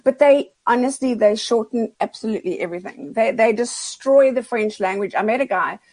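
Chatty woman guest, higher-pitched, easy laugh, casual slang. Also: brisk, a little mellow. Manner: chatty, laughs often, drops Australian slang. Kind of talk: casual radio chat.

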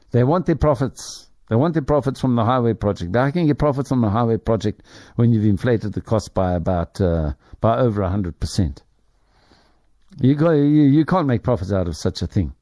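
A man's voice: medium pitch, dark tone, dry recording, studio quality. A man hosting a talk show, telling a rambling story full of restarts and chuckles. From Ireland. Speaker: radio talk host. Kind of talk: casual rambling monologue.

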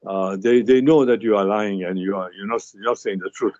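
A man with a mellow, darkish voice talks through his advice as a doctor on a radio show. He explains earnestly, often restarting his sentences and filling pauses. The sound is dry and slightly muffled, like a radio broadcast. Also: fairly low pitch, dry recording. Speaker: guest family physician.

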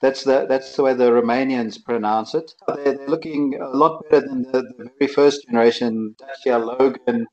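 A man co-hosting a casual radio chat, relaxed and chatty. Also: medium pitch, moderate pace, hardly any pauses, highs cut off. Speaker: co-host.

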